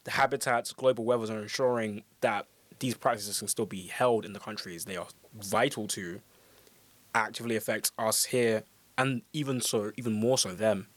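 Low-voiced man explaining calmly. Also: moderate pace, no room sound. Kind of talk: casual discussion.

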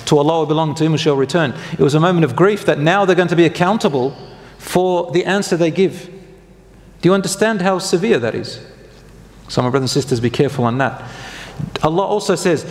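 A man with a fairly high voice delivers a religious lecture in a loose, conversational way. He turns to the audience with questions and catches and corrects his own slips as he talks. His voice carries a long reverb, as if recorded in a large hall. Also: brisk. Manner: conversational, asks the audience questions, corrects himself mid-sentence. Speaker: Islamic preacher.

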